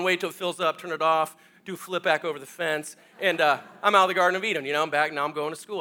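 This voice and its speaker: A middle-aged male pastor telling a comic story in a sermon, animated and self-mocking as he acts out the scenes. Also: high voice.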